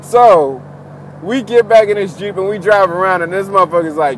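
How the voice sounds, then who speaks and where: A man's voice: sits high, normal speed, background noise. A young man telling a rambling, profane story in casual chat, sitting in a car.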